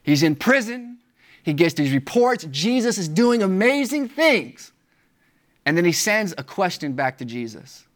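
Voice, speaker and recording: A pastor delivers a sermon in an unhurried, sing-song cadence. He builds emphasis with a string of rhetorical questions, letting his pitch and volume rise and fall.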